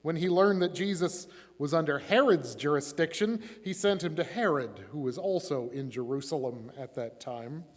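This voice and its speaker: A man with a fairly high voice reads scripture dramatically inside a church. His words ring out with a long, lingering reverb from the hall around him. He varies his voice and volume for each quoted speaker. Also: normal speed, few pauses. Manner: expressive, shifts voice and loudness for quoted speakers. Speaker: church reader. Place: church sanctuary.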